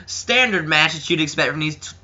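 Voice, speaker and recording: Chatty teenage boy, bright lo-fi voice. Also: expressive, a little fast. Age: teens. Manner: rambling, filler-heavy, acts out quotes in a higher voice. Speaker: wrestling reviewer. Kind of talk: casual chat.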